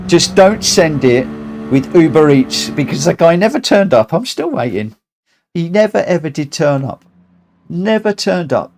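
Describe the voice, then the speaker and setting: Chatty man streaming a racing game. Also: fairly high pitch. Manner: chatty, laughs a lot, self-mocking. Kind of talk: casual live-stream commentary. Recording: noisy game audio behind voice.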